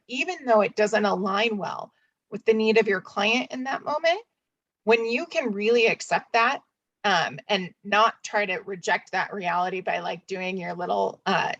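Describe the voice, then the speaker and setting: A woman therapist speaks candidly in a casual webinar discussion, her talk chatty and loose with fillers. Her voice sits at a middle pitch. The sound is dry and close, over a video call. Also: a bit bright, no echo, rough recording. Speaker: DBT therapist.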